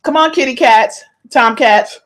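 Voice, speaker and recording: A middle-aged woman hosting a podcast, giving chatty, animated celebrity gossip commentary and playfully meowing her catchphrase. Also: sits high, a little slow. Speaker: podcast host.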